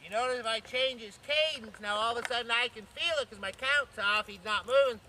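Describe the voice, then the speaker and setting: High bright-voiced riding instructor man. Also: fairly quick, slight background noise. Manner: counts strides aloud, checks in with "okay?". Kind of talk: instructional talk while riding. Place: outdoors on horseback.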